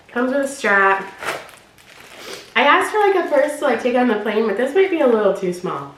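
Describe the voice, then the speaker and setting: A woman's voice: a little high, big pitch swings, a little slow, a bit bright, roomy sound, rough recording. A woman vlogger chatting through an unboxing in a bubbly, giggly, rambling way, her voice stuffy and nasal from allergies. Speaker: vlogger reviewing a clothing box.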